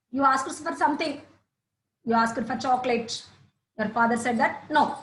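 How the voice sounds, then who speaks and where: A woman teacher giving a slow, repetitive lesson to young children, often asking them questions. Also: sits high, bright, forceful tone, reverberant, poor audio.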